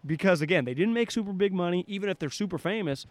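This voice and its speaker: A man's voice: high voice, fast, dry recording. A man co-hosting a sports podcast, telling anecdotes in casual chat and acting out what people said. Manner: animated storyteller, acts out quotes. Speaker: podcast co-host.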